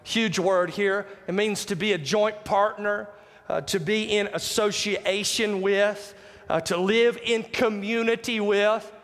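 Man preaching, very high voice, emphatic, long reverb, sermon. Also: steady tone, slow pace, a bit bright. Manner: emphatic, repeats key phrases, asks the congregation questions.

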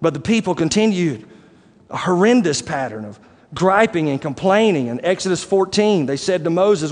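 A man preaching a sermon, animated and acting out the voices of the people he describes. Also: high voice, moderate pace. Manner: animated, acts out quoted voices, rising to shouts. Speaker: pastor. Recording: long hall reverb.

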